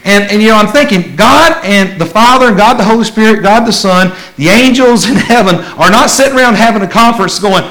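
A man preaching a sermon as a pastor, in a folksy, conversational way that swings between loud emphasis and hushed asides. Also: high-pitched, fairly quick, few pauses, low-quality recording.

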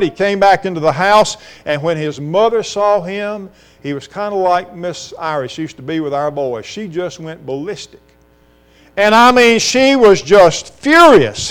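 A man's voice: high voice, smooth. A middle-aged man from South Carolina, preaching an impassioned sermon full of rhetorical questions. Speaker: pastor.

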